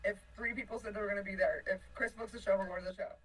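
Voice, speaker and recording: A woman from a touring band telling an animated story in a casual interview, laughing often and swinging between excitement and panic. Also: medium pitch, very fast, distant mic, slight background noise, rough recording. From United States. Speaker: band member.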